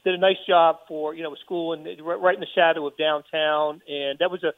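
A man appearing as a guest sports reporter on a radio show, speaking in a relaxed, friendly way. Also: a little high, brisk, no room sound. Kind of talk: casual radio chat. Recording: tinny phone line.

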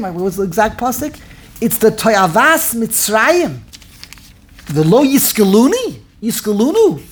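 Woman Torah teacher, animated and expressive, acts out the dialogue, repeats lines for emphasis, voice swoops widely. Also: on the high side. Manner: acts out dialogue in quick back-and-forth voices, with repeated phrases and laughs. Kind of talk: animated Torah class on the weekly portion.

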